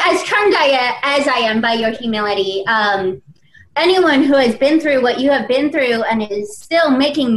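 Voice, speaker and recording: A woman's voice: high voice, fairly bright tone. A woman co-hosting a casual interview, speaking earnestly and admiringly to a guest. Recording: roomy echo.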